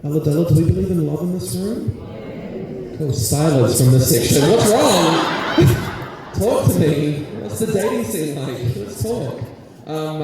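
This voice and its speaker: A man doing live stand-up comedy, bantering with the audience between bits, recorded far off in a large civic hall with audience sound. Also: on the high side. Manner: chatty, crowd-work banter with the audience. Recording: distant, very echoey hall, audience noise.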